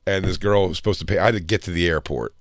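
A man's voice: low voice, very fast, no room sound, clean studio sound. A man telling comic road stories in casual podcast chat, with lots of impressions and swearing.

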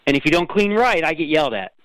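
Smooth, easygoing man. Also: on the high side, sing-song, fast talker, a bit bright, no room sound, low-quality recording. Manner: easygoing, self-deprecating, laughs often. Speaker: guest. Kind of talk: casual chat.

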